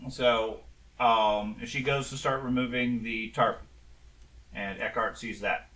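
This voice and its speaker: A man running a tabletop game as game master, narrating scenes in a relaxed way with frequent ums. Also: medium pitch, takes it slowly, far from the mic.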